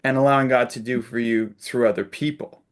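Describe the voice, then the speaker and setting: A man's voice: mid-range voice, fairly even intonation, brisk. A man facilitating a spiritual discussion on a video call, telling stories and acting out little quotes with laughs. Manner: warm storytelling with laughs and acted-out quotes.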